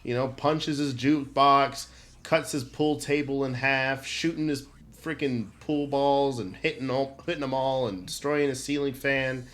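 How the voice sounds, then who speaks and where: A man's voice: mid-range voice, steady tone, a little slow, fairly bright tone. Profane man ranting in mock outrage. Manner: stammering restarts, goofy exaggeration. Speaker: channel host. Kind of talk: comedic video game rant.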